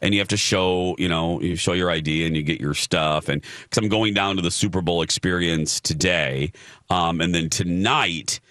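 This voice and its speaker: A man's voice: sits low, normal speed, a bit bright, no room sound, clean studio sound. A man co-hosting a radio talk show, chatting casually and laughing often.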